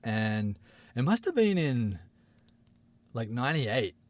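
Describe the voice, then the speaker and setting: A man's voice: mid-range voice, very animated, takes it slowly, no echo. Man rambling through a casual story. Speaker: podcast co-host. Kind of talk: casual chat.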